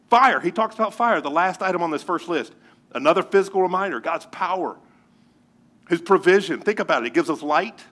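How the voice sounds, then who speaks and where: A male pastor preaching a sermon, animated and joking as he tells stories. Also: high-pitched. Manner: animated storytelling with jokes.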